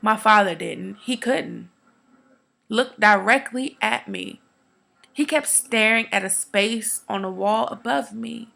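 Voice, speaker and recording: A woman performing a dramatic monologue, telling a first-person story in an earnest, quiet, measured way. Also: fairly high pitch, gravelly.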